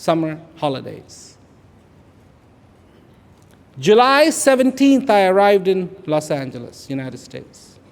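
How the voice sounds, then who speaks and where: A man in his fifties from India, speaking, gives an inspirational speech to an audience. He repeats phrases for emphasis and swings between hushed and loud. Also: high voice, sing-song, slow, long pauses, noisy background. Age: 50s. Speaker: public speaker. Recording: echoey large hall.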